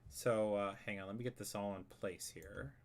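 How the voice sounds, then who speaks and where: A man's voice: fairly low pitch, fairly even intonation, moderate pace, a little hiss or hum. A man explaining a music arrangement in a casual tutorial, rambling and correcting himself as he thinks aloud while editing a score. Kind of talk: casual screen-share tutorial.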